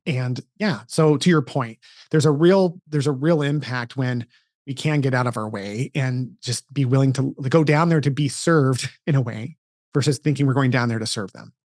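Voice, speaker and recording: A man's voice: mid-range voice, normal speed, no echo, studio quality. A man in his forties hosting a podcast, telling a story in casual conversation with lots of restarts and asides. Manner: animated storytelling with frequent restarts. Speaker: podcast host.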